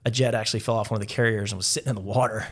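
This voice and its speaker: A man's voice: on the low side, steady tone, rapid-fire, fairly bright tone. A man, a guest on a podcast, telling stories casually with many filler words and a chuckle now and then. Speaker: podcast guest, Navy veteran. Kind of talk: casual storytelling interview.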